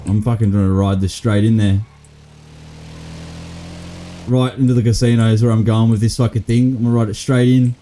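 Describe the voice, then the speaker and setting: A man playing a roleplay game, swearing and making rough threats at other players. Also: lowish voice, little pitch movement, a little fast, long pauses, dark tone, a little hiss or hum. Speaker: roleplay gamer. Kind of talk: in-character gaming banter.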